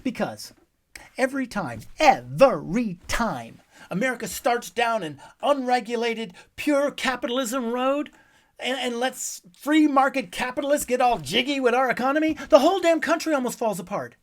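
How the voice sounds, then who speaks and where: A man hosting a scripted political monologue, ranting with sarcasm and name-calling, swinging between loud outbursts and hushed asides. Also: very high-pitched, expressive, normal speed. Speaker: host.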